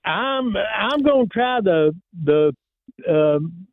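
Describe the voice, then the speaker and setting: A man calling in to a radio show, speaking politely and slowly in a folksy way, heard over the phone. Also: high-pitched, lively intonation, creaky, no echo. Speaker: caller. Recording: tinny phone line.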